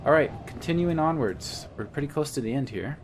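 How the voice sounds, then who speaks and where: A man's voice: a little high, lively intonation, fairly quick, slight background noise. A man playing a text game, reading its story aloud and adding casual comments in between. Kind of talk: let's-play narration and commentary.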